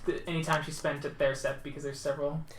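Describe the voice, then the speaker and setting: A man's voice: a little high, level tone, fast talker. A man working as storyteller, narrating a tabletop game in a casual way with plenty of fillers. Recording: echoey room, faint background noise.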